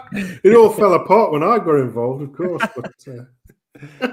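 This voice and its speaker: A middle-aged man, telling rambling family anecdotes in casual chat, joking and swearing as he goes. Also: on the high side.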